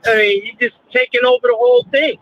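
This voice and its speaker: A man's voice: extremely high pitch, fairly even intonation, fast, muffled recording. A man calling in to a sports talk show, upbeat and joking. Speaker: caller. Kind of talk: casual phone call-in.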